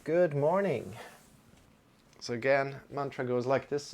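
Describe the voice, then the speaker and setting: A man teaching a live-streamed yoga class, giving calm, gentle instructions and greeting viewers in the chat. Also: mid-range voice, takes it slowly, a little hiss or hum.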